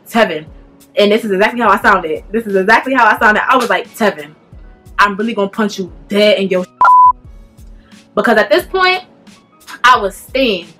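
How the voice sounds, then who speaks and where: A young woman telling a casual storytime, animated and speaking straight to her viewers. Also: a little high. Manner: animated, addresses viewers directly, slangy.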